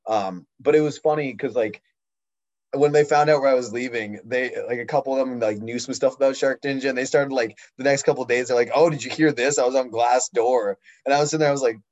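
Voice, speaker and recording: A man's voice: mid-range voice, fairly even intonation, quick pace, darkish tone. Young male podcast co-host, rambling casual talker, slightly muffled lo-fi recording. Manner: rambling, lots of fillers and restarts. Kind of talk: casual chat.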